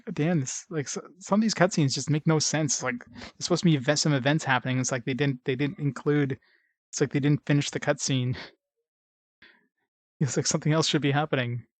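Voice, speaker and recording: A man's voice: fairly high pitch, a little fast, no echo. A man playing through a role-playing game and commenting on it casually, in a wry, sarcastic way with lots of fillers. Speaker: let's play host.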